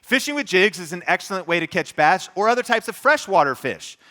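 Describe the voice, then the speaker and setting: Energetic emphatic man giving a talk. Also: high voice. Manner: energetic and emphatic, with quick asides to the audience. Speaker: podcast host giving a talk. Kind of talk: motivational stage talk. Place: room with a live audience.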